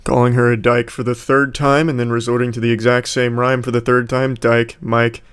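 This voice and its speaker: A man giving sarcastic, deadpan commentary on a rap battle video. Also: medium pitch, moderate pace, a little hiss or hum. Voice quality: deadpan and mocking.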